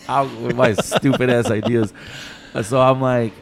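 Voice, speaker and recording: A man, a chef and restaurant owner, telling a story in casual talk, animated and profane, acting out the people in it. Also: mid-range voice, normal speed, vocal fry, a little hiss or hum. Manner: animated, profane, acts out quotes in his story.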